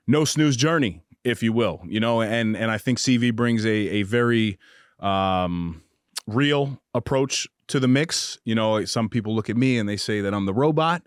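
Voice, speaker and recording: A man's voice: mid-range voice, dry recording, clean studio sound. A young man hosting a podcast in a booth, chatting casually with upbeat energy and plenty of fillers and restarts. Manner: upbeat, hyped shout-outs, frequent fillers and restarts. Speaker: podcast host.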